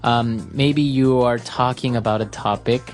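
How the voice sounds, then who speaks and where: A woman's voice: rumbling low, steady tone, a little slow, a little mellow, faint music behind. A woman hosting an English lesson podcast, explaining phrases steadily with frequent agreeing fillers. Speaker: English teacher and podcast host.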